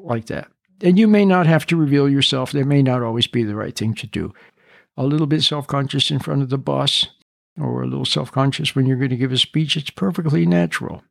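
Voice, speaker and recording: A man's voice: mid-range voice, brisk, gravelly, dry recording, studio quality. A man hosting a podcast, speaking off the cuff and plain-spoken, often repeating his key points. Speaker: podcast host. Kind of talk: unscripted advice talk.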